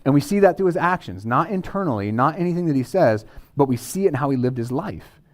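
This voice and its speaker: A man's voice: on the high side, lively intonation, fast talker. A man preaching a sermon in a conversational way, with casual asides to the congregation. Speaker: pastor.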